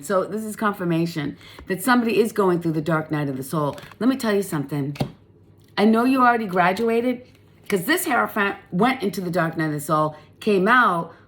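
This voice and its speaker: Chatty, emphatic woman reading tarot. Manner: chatty, emphatic, swears casually; laughs often, lively pitch swings. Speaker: spiritual tarot reader. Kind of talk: casual spiritual tarot reading.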